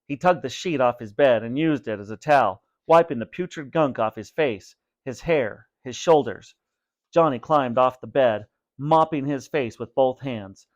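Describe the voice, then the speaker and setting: A man in the role of a teacher, giving students instructions and then reading a spooky storybook aloud in a plain, steady way. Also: medium pitch, dull audio. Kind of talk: read-aloud storybook narration.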